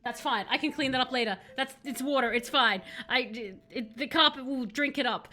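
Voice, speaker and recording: High bright-voiced woman streaming a spooky game, jumpy and chatty with chat, faint music under it. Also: moderate pace. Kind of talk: live game stream commentary. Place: home room, playing at a computer.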